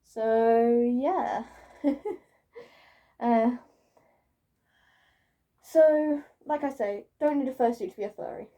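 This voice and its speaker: A young woman talks straight to camera in a loose, rambling vlog, often laughing at herself and swearing as she goes. Her voice sits a little high, with a soft, mellow tone. She is a bit far from the mic. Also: slow pace, pauses often. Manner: rambling, self-mocking, swears casually. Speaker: YouTuber. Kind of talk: casual vlog monologue.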